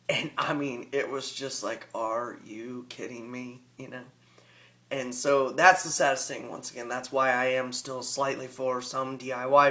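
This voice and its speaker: A man's voice: mid-range voice, bright, forceful tone. A man with a rural Southern US accent, talking casually and rambling in a folksy way as a hobby vlogger. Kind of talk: casual vlog talk.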